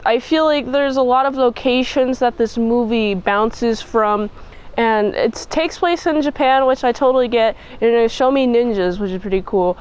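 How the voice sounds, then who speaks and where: A woman's voice: fairly high pitch, lively intonation, measured pace, a little mellow, smooth, rough recording. A woman giving a chatty, playful movie review outdoors in cold wind, shivering as she talks. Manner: chatty, gushing, playful asides.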